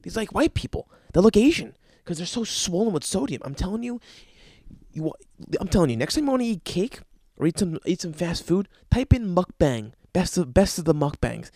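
A young man hosting a podcast, telling rambling, profane comedic stories in a casual, animated way. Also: sits high, no echo, clean studio sound. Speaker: podcast host. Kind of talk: casual comedic storytelling monologue.

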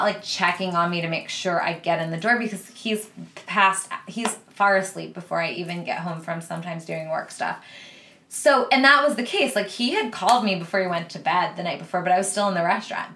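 A woman's voice: mid-range voice, a bit bright, a little hiss or hum. A woman podcast host telling a story in a casual way, laughing often and swearing freely. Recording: roomy echo.

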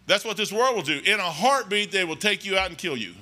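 A man's voice: high voice, expressive, fast talker, bright, forceful tone. A man preaching a folksy, rambling sermon in a church, talking emphatically and conversationally.

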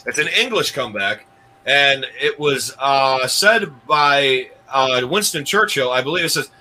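A man's voice: medium pitch, animated, a little slow, bright, forceful tone, slight background noise, low-quality recording. A man hosting a comedy countdown show, rambling with restarts and chuckling at his own jokes. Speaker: host.

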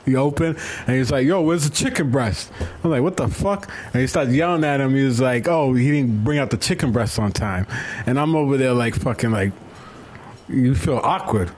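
A man's voice: mid-range voice, a little fast, darkish tone. A man co-hosting a casual comedy podcast, telling stories in a laid-back way full of slang and cursing. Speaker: podcast co-host.

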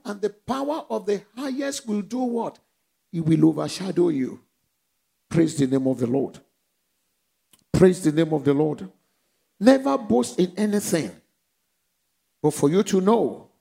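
Nigerian-accented male pastor, gravelly high voice, preaching to his church in call-and-response. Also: mellow. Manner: call-and-response preaching, rising and dropping in volume. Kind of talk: sermon.

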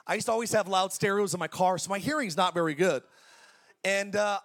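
A man in his forties preaching a sermon as pastor, energetic and conversational, with jokes. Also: high-pitched, brisk. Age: 40s.

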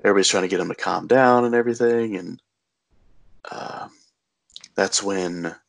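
A man with a low-pitched voice talks through a film's plot in a loose, rambling way, full of fillers. His voice sounds dry and close to the mic, with no room sound. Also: normal speed, creaky, no room sound. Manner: rambling, filler-heavy storytelling with laughs. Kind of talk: casual movie recap.

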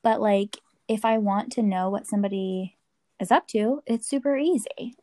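A woman in casual chat, playful and quick to laugh. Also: medium pitch, dark tone, no room sound.

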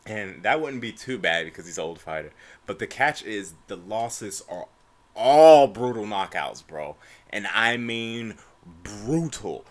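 A man's voice: on the low side, a little slow. A young man hosting a solo podcast, ranting casually about fight news, swearing and tagging lines with bro and man. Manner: animated, profane, says bro and man constantly. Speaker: podcast host.

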